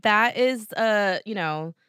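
A woman with a New Jersey accent talks casually as a podcast co-host, her voice bright and forceful. She thinks out loud, circling back with lots of "you know." The sound is dry and close, with no room echo. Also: medium pitch, slow pace, smooth. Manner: chatty, thinks aloud with many "you know" fillers. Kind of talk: casual chat.

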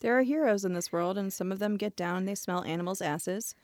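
A woman's voice: mid-range voice, brisk, a little mellow, dry recording. Giggly podcast woman, dry close mic. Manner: playful, giggly, hedging with "I mean" and "like". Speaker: podcast co-host. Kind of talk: casual chat.

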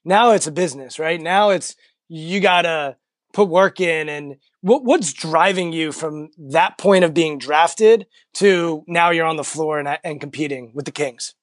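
Slightly high-voiced male interviewer, dry sound. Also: unhurried, no echo. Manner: encouraging, conversational questioner. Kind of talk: casual interview.

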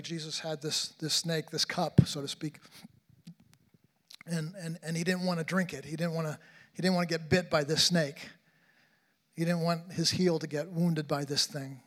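A man delivers an impassioned sermon to a conference, his voice sitting a little high for a man. He often repeats a word several times as he builds to a point. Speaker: conference speaker.

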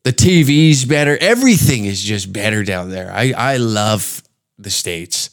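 A man's voice: on the low side, measured pace. Crude rambling Canadian man. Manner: crude, rambling, animated with put-on quotes. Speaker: podcast host. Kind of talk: casual comedic rant.

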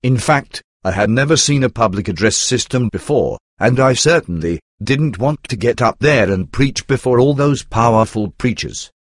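A man narrating a first-person memoir in a measured, earnest storytelling manner. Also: mid-range voice, animated, dry recording, studio quality.

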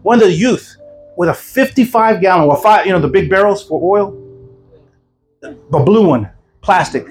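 A man with a notably high voice delivers an animated sermon as an evangelist at a healing service. He tells his story with quick laughs and sudden shouted praise. Soft music plays faintly behind him. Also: low-quality recording. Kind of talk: sermon told as a lively story. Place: church service before a congregation.

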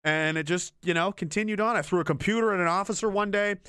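A young man, speaking in a fairly high, smooth, resonant voice. It sounds dry and close, with no room echo. He rants bluntly and profanely as a streamer, trailing off and restarting his sentences. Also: fast, fairly bright tone. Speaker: streamer and military veteran. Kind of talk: casual unscripted rant.

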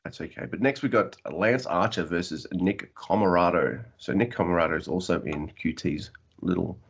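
A man's voice: sits low, normal speed, vocal fry, husky, lo-fi sound. A man co-hosting a podcast, chatting casually and jokingly about a wrestling show. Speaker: podcast co-host. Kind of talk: casual wrestling recap chat.

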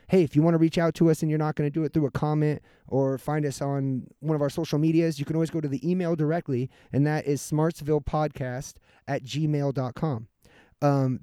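A laid-back male podcast host with a slightly higher voice, reading off the show's outro in a loose, casual flow. He swears freely and sounds easygoing. The sound is dry and close to the mic. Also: mellow, clear, resonant tone, dry recording. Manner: laid-back, swears often, laughs easily.

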